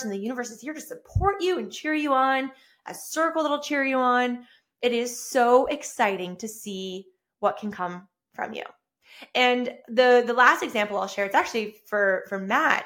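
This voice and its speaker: A woman hosting her own solo podcast, talking in an effusive, upbeat way that rambles with restarts. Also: a little high. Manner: effusive and upbeat, gushing with excitement. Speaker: podcast host. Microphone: own camera and mic.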